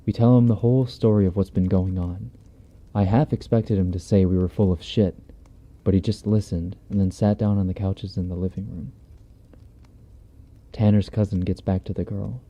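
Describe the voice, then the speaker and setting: A man with a low, very dark, mellow voice reads a horror story in an easygoing, swear-laden, conversational manner. He sits close to a binaural mic, and the stream audio sounds a little dull and lo-fi. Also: fairly even intonation, normal speed. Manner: laid-back, profane, conversational delivery. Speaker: streamer reading horror stories. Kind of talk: casual horror story reading. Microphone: binaural dummy-head mic.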